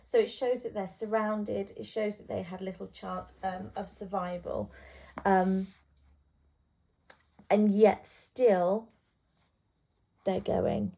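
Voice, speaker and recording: A woman's voice: medium pitch, expressive, slow pace, gravelly, long pauses, mellow. A woman tutor talking through a poem in a casual revision lesson, with plenty of ums and restarts. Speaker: English literature tutor.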